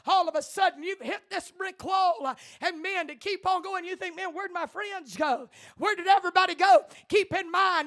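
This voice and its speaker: A woman pastor, preaching a sermon in church with impassioned, rising delivery that builds to shouts. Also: very high-pitched, normal speed, few pauses.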